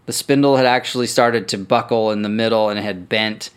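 A man's voice: fairly low pitch, fairly even intonation, a little fast, clean tone. A man hosting a podcast, telling a story casually, swearing freely and correcting himself as he goes. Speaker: podcast host.

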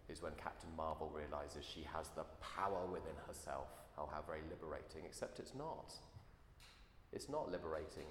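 A man preaching a sermon in an earnest way, full of rhetorical questions. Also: sits low. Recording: echoey hall, faint room noise.

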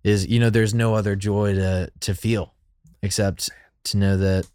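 A man co-hosting a casual faith podcast, speaking in a calm, affirming, thoughtful way. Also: lowish voice, unhurried, smooth, dry recording. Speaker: podcast co-host.

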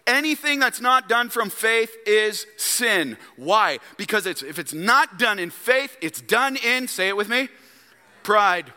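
Man, pastor, emphatic sermon, bright ringing voice, echoing church hall. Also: high voice, lively intonation, measured pace. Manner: emphatic preaching, calls on congregation to respond. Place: church sanctuary. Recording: long hall reverb.

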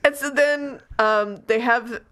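A woman co-hosting a podcast, recapping a novel in casual, animated chat with lots of giggling and "like.". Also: on the high side, takes it slowly, clear, resonant tone. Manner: heavy use of "like". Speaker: podcast co-host.

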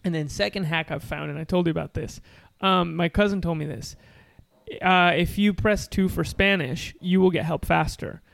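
A man co-hosting a podcast, telling animated anecdotes in casual chat. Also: a little high, normal speed, vocal fry, dry recording. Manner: animated anecdotes with mimicked voices. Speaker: podcast co-host.

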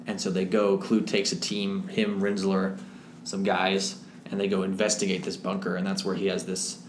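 On a film club podcast, a male co-host recaps a movie with rambling enthusiasm during a casual discussion. His voice is low and monotone at a moderate pace, captured in an echoey room with faint background noise.

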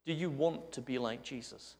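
Jokey Scottish preacher in an echoey hall. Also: male voice, medium pitch, moderate pace, gravelly. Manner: lively and jokey, building to emphatic peaks. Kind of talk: sermon. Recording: echoey hall with long reverb.

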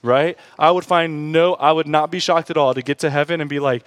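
A man preaching a sermon in an animated, conversational way, often tossing in quick asides to the congregation. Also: on the high side, no echo. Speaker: pastor.

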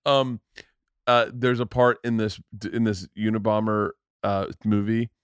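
A man's voice: lowish voice, steady tone, unhurried, smooth, dry recording, clean studio sound. A man guesting on a comedy podcast, crude, laughing and self-mocking. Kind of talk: casual comedy chat.

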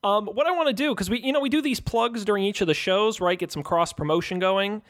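A man co-hosting a casual podcast, his voice sitting a little high for a man. He talks in an easygoing, jokey way, riffing and plugging the show. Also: fast talker, fairly bright tone. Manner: easygoing, jokey, plugs shows. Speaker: podcast co-host.

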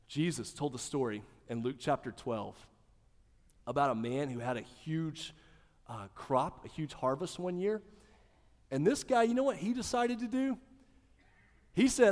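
A man preaching a sermon as pastor, animated, swinging between loud emphasis and hushed lines. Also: medium pitch, moderate pace, in a large hall.

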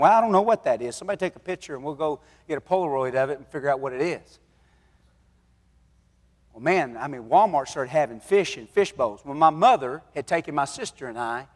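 A man preaching a sermon, telling folksy stories and swinging between loud exhortation and hushed moments. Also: a little high. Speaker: pastor. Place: church sanctuary. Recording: long hall reverb.

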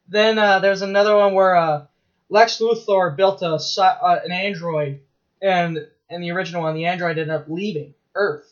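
A man in casual chat as a podcast co-host, telling stories in an excitable, rambling way with swearing and laughs. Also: sits high, lo-fi sound.

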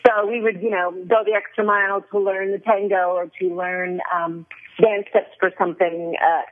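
A woman guest talking through an interview, chatty and quick to laugh, often restarting her sentences. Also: mid-range voice, little pitch movement. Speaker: actress guest. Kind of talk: casual interview over a phone line. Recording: tinny phone line.

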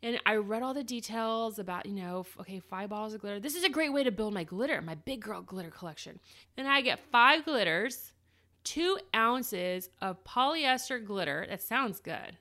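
Bright-voiced woman telling her story. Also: mid-range voice, moderate pace. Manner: animated, lively retelling with acted quotes. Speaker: small business owner. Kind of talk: casual personal storytelling.

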